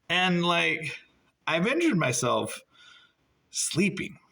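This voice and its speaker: Stand-up comic, middle-aged man, bright voice with a wide, bouncy pitch range. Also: creaky, slightly rough. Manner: animated, jumps high when acting out dialogue. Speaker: stand-up comedian. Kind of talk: stand-up storytelling.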